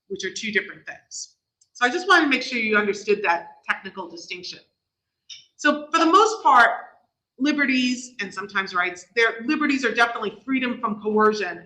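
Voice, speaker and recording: A middle-aged woman with a New York accent gives an informal lecture in a bright, clear voice. She explains carefully, circling back and restarting her phrases. The sound is roomy and echoey. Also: mid-range voice. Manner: explanatory, with frequent restarts and fillers. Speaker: guest lecturer.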